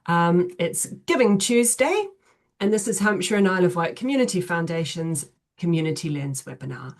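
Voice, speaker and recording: A middle-aged woman hosts a webinar over a video call, her voice sitting a little low. She speaks in a measured way, filling her pauses with ums and uhs as she runs through the housekeeping and the theme. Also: expressive. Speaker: chief executive hosting a webinar. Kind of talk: hosting an online webinar.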